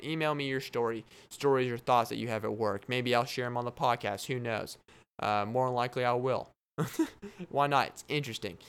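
A man's voice: mid-range voice, a bit bright, smooth. Rambling, giggly male podcast host. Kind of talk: solo podcast monologue.

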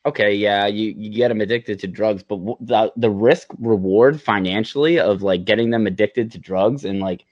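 A young man co-hosting a podcast, chatting casually about a film, animated and profane, with lots of swings in his voice. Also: on the low side, moderate pace, hardly any pauses, muffled recording. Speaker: podcast co-host. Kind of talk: casual film-review chat.

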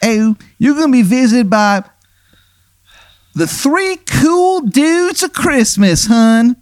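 A shrill, drawn-out male spirit voice with a thick Maryland accent, as a man puts it on. It calls everyone hun and sounds mock-festive. The recording is dry and close. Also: sing-song, no echo, full character voice. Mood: drawling. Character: disembodied male voice with a thick Baltimore drawl, beer-swilling.

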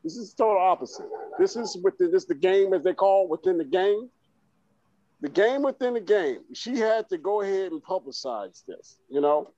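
A man co-hosting a podcast, ranting loudly and jokingly in casual chat. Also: sits high, lively intonation, normal speed, no echo. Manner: loud, joking, puts on silly voices. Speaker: podcast co-host. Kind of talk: casual comedic podcast rant. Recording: dull lo-fi sound.

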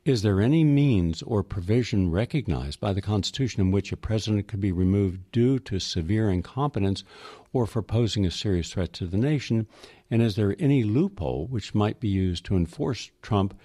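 A man with a fairly low voice puts a long, formal question to a guest in a measured way. The sound is dry and close to the mic. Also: expressive, mellow, no room sound. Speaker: interviewer.

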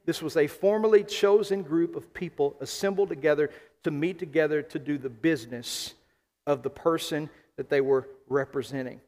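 A man from the American South preaching a sermon as pastor, emphatic, slowing and repeating key phrases. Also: on the high side, darkish tone. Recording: long hall reverb.

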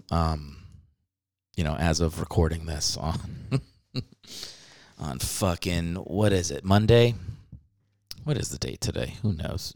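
A married man hosting a comedy podcast, ranting with joking asides and casual swearing. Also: sits low. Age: adult, married. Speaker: podcast host.

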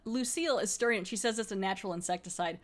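A woman's voice: medium pitch, very fast, over music. A woman talks through a TV episode for her podcast in a loose, rambling way. She laughs often and keeps an easygoing mid-range voice. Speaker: podcast host. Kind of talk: casual episode recap.

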